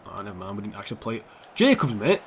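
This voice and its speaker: A young man giving casual, foul-mouthed commentary over his own football video game, switching between calm play-by-play and heated rants. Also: on the low side, very fast, slight background noise. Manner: swears a lot, swings from calm play-by-play to heated outbursts. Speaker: gaming YouTuber.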